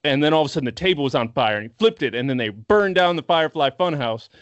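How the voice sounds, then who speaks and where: A man co-hosting a casual wrestling podcast, retelling events with animated acted-out quotes. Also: on the high side, fast, no echo, lo-fi sound. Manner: animated storytelling, acts out quotes. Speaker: podcast co-host. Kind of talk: casual chat.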